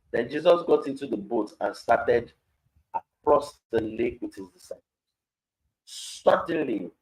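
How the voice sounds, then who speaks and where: A man's voice: mid-range voice, a little mellow, breathy edge, low-quality recording. A man with a Nigerian accent leading a live-streamed Bible study, reading scripture aloud and then explaining it in Pidgin-laced commentary.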